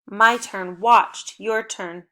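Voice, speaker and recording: An upbeat young woman teaches a recorded phonics lesson for children. She gives clear, encouraging prompts at an even teacherly pace and cheers the kids on between words. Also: mid-range voice, very slow.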